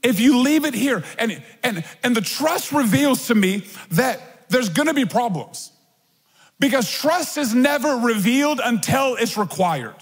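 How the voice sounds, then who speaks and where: High husky preacher in an echoing hall. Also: male voice, measured pace. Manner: conversational, animated preaching with acted-out voices. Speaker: pastor. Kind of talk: sermon. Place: large church hall. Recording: long hall reverb.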